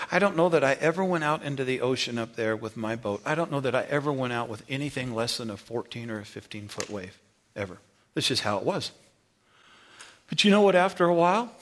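Guy preaching, folksy rambling storyteller, does high excited voices for the dialogue. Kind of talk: sermon with storytelling.

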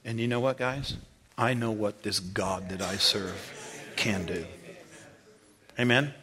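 A man preaching a sermon in a folksy, rambling way, telling a story and acting out the dialogue in a high, excited voice. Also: takes it slowly.

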